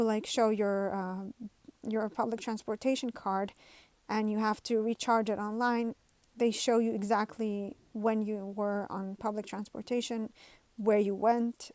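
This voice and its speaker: A woman's voice: medium pitch, a little mellow, no echo. Woman vlogging, dry close sound. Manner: rambling storytelling with many fillers and restarts. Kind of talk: casual talk to camera.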